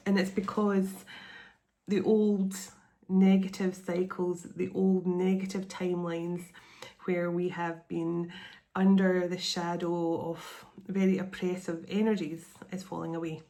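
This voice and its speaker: A middle-aged woman reads tarot and oracle cards for an online audience. Her voice sits somewhat low, and her delivery meanders, repeating phrases in an earnest, reassuring manner. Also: little pitch movement, unhurried, mellow. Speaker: tarot and oracle card reader. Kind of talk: channeled spiritual card reading.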